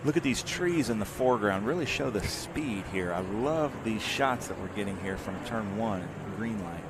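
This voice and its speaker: A man's voice: fairly low pitch, normal speed. Brief: male live race commentator, conversational, over noisy track sound. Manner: chatty, reads out viewer greetings. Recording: steady noise in background.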